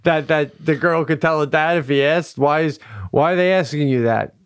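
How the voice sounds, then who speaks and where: High-voiced man laughing through podcast banter. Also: moderate pace, clean tone, no echo, clean studio sound. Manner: laughs often, easygoing banter. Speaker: podcast co-host. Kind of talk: casual comedic podcast chat.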